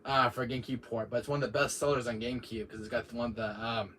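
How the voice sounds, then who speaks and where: A man chatting casually on his livestream, rambling from one joke to the next with lots of fillers and chuckles. His voice sounds bright and edgy. The mic sits some distance away and picks up faint room noise. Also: medium pitch, flat delivery, fast. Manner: rambling, laughing often, many fillers. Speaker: livestream host.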